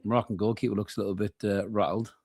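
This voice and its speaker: A man's voice: on the low side, steady tone, quick pace, a little mellow, slightly rough, dry recording, clean studio sound. A tired man co-hosting a late-night football watchalong, joking and swearing casually. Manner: laid-back, swearing, joking banter. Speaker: co-host of a football watchalong stream. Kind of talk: casual live match chat.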